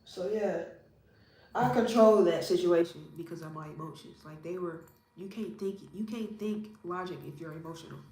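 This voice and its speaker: A woman in her thirties from Indiana, giving her opinions in a casual interview in a calm, measured, self-assured way. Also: fairly low pitch. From Indiana, USA. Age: 30s. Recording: roomy echo with faint ambience.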